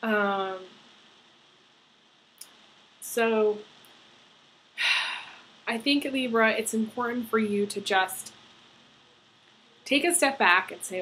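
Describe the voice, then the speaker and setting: A woman's voice: a little high, sharp tone, slight background noise, rough recording. Earnest woman giving a tarot reading. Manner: earnest, halting, many fillers and restarts. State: getting emotional. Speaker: tarot reader.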